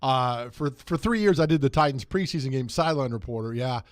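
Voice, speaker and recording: A man hosting sports talk radio, telling animated anecdotes and laughing as he goes. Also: mid-range voice, a little fast, no echo, studio quality. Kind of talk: casual sports talk storytelling.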